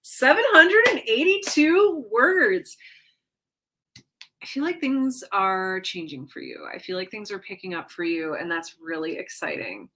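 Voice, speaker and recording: A woman's voice: mid-range voice, expressive, a little slow, bright, forceful tone. A woman hosting a livestream in casual chat, reading viewer comments aloud and reacting in an upbeat, playful way. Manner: playful self-teasing, frequent "like" and "um".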